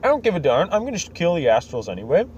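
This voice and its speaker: A scornful young commander sneers and brushes off everything he hears, as a man puts him on. The voice sits a little higher than a plain speaking voice. The recording is slightly muffled, with a faint hiss behind it. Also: wildly swooping pitch, very fast, a little mellow. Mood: sneering. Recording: slightly dull lo-fi with faint noise.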